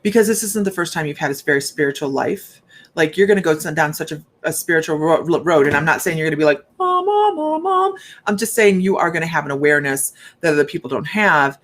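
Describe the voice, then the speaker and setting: A woman's voice: low voice, fast. A woman working as a psychic medium, giving a rambling, chatty live reading and talking straight to her viewers.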